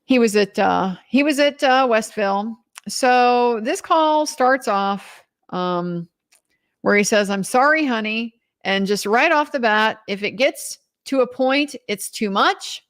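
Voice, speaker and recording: A woman's voice: fairly high pitch, expressive, takes it slowly. A young woman commenting on a trial in a casual recap, incredulous and emphatic, reading out quotes as she goes. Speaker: legal commentator.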